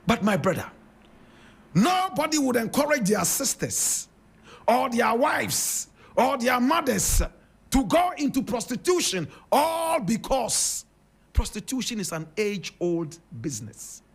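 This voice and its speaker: A man's voice: very high voice, sing-song, a little slow, vocal fry, slightly rough. A man with a Ghanaian accent giving impassioned commentary, emphatic and preaching, firing rhetorical questions. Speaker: radio commentator.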